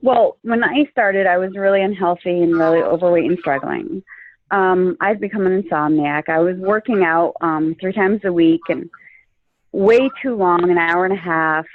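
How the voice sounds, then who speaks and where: A woman's voice: fairly low pitch, moderate pace, dry recording. Woman on a tinny, phone-like line. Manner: earnest, with frequent fillers. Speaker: guest sharing her coaching story. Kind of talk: casual interview.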